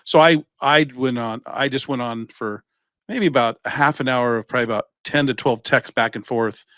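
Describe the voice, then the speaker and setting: A man's voice: mid-range voice, moderate pace, a bit bright, no echo. A man co-hosting a podcast, telling stories in a rambling, playful way and restarting his sentences often. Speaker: podcast co-host. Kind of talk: casual chat.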